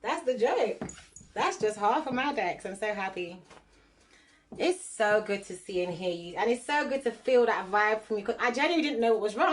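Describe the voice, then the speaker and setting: A woman's voice: a little high, lively intonation, normal speed. Laughing, chatty woman on a livestream. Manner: chatty, laughs often, mixes patois and London slang. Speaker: livestream host and card reader. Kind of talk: casual livestream chat with viewers.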